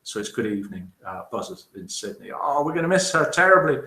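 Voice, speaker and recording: Cheerful male host, bright and lively. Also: medium pitch, fast, few pauses. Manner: cheerful, chatty. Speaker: host of a live daily broadcast. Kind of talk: casual live-stream chat, reading viewer comments. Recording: roomy echo.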